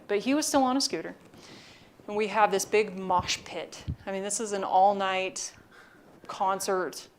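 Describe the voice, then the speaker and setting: A woman lecturer tells lively anecdotes to a crowd. Her voice sits at a middle pitch, and she drops into dry, deadpan asides between the punchlines. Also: a little hiss or hum. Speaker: university lecturer. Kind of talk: storytelling lecture.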